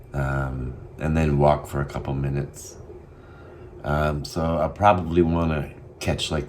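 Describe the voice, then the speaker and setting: A man talking casually to camera in a daily vlog, rambling and thinking aloud with frequent pauses and ums. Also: a bass voice, darkish tone, a little hiss or hum. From Massachusetts. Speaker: vlogger.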